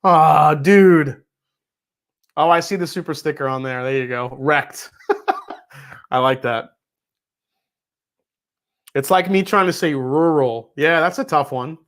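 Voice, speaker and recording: Casting: New York man, 30s, livestream host, slightly higher voice, loose and chatty, swears freely. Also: measured pace, a bit bright. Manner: chatty, reads viewer messages aloud, swears casually. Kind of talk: casual livestream chat.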